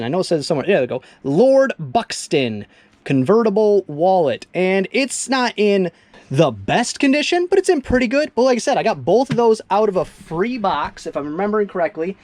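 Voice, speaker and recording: Man, high voice, casual vlog, rambling, self-amused, reseller packing orders. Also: no room sound. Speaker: eBay reseller.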